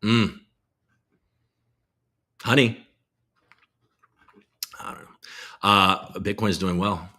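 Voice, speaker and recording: Guy hosting a crypto stream, rambly and sweary, bright kinda lowish voice. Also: fairly even intonation, very slow, long pauses. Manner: profane, rambling, reads headlines aloud and reacts. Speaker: crypto show host. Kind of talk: casual live-stream commentary.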